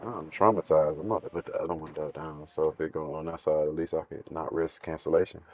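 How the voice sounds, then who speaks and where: A man's voice: a bass voice, flat delivery, fast talker, darkish tone, slight background noise. A young man and rapper vlogging from inside a car, talking in a laid-back, rambling, profane way and half-singing some phrases. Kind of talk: casual vlog monologue. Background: hip hop music.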